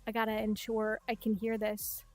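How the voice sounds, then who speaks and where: A young woman streamer rambles through casual livestream chat, swearing freely and jumping up in pitch whenever something bothers her. Her voice sits a little high and sounds dry and close to the mic. Soft music plays faintly behind her. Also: normal speed, dry recording. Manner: rambling, swearing, expressive, sudden rises in pitch. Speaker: VTuber streamer.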